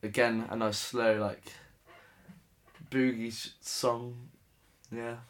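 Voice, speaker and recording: A man's voice: medium pitch, flat delivery, slow pace. A young man from England co-hosting a casual podcast, laid-back and self-mocking, laughing often as he talks sport and music. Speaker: podcast co-host, sports correspondent. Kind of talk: casual chat.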